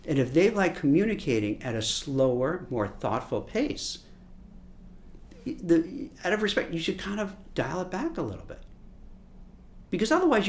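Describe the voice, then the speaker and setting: Brief: man from Brooklyn, recruiter teaching interview tips, lively swooping delivery, slightly higher voice. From Brooklyn, New York. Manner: animated, repeats words, acts out quotes. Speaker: recruiter and career coach. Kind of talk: coaching masterclass talk.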